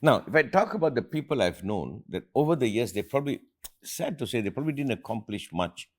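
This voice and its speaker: A man's voice: medium pitch, very animated, a little fast. A middle-aged man from India, hosting an earnest motivational talk with his family and repeating phrases for emphasis. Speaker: host and motivational speaker.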